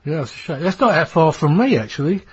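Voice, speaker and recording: A man's voice: a little high, big pitch swings, fast, breathy edge. Easygoing male podcast host, muffled audio. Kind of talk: casual interview chat. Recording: dull lo-fi audio.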